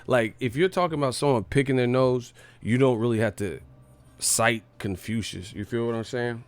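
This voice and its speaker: A man's voice: medium pitch, moderate pace, no room sound. A man hosting a livestream, ranting in a comic, profane and mocking way. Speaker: livestream host. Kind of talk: comedic livestream rant.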